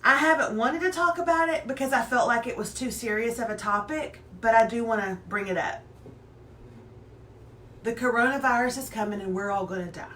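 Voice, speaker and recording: A woman co-hosts a casual live morning chat, bubbly and talkative as she reads viewer comments. Her voice sits a little high. She sounds slightly back from the mic, with a faint hum in the room. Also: fairly quick, reverberant, far from the mic. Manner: chatty and animated, reads viewer comments aloud. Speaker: co-host of a morning live show.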